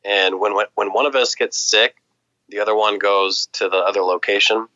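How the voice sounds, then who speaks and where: An American man chatting casually on a stream, animated and quoting others in put-on voices. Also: on the low side, normal speed, no echo, muffled recording. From United States. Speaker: guest streamer. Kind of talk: casual chat.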